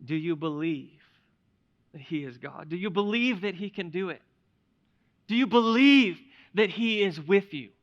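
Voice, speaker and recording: A man preaching a sermon as a pastor, moving between hushed, reflective passages and loud, emphatic declarations. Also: high-pitched, animated, unhurried, highs cut off. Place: church sanctuary.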